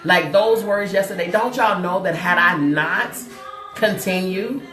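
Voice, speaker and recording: A woman's voice: on the low side, unhurried, roomy sound. A woman from Chicago hosting a casual motivational livestream, laughing often, repeating herself and checking in with viewers directly. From Chicago, USA. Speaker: host.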